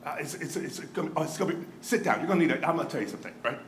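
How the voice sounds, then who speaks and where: A man's voice: fairly high pitch, expressive, fairly bright tone, reverberant, a little hiss or hum, pitched below the performer's own voice. A man doing stammering, nervous Joseph. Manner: stammering, halting.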